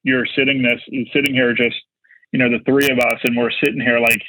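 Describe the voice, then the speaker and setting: A man's voice: medium pitch, flat delivery, a little fast, sharp tone, dry recording. A man telling a story as a podcast guest, rambling with constant "like" and "you know". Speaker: marketing executive guest. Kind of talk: casual anecdote telling. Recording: dull lo-fi sound, dry.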